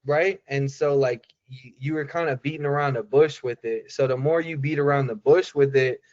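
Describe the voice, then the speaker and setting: A man's voice: medium pitch, moderate pace, a little mellow, dull audio. A man giving casual sales coaching, talking loosely with lots of fillers and acting out quoted voices. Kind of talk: casual coaching talk on a call.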